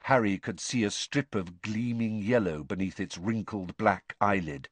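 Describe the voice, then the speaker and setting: Husky man narrating a storybook. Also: fairly low pitch, measured pace. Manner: steady storytelling, shifts into character voices. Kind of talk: audiobook narration.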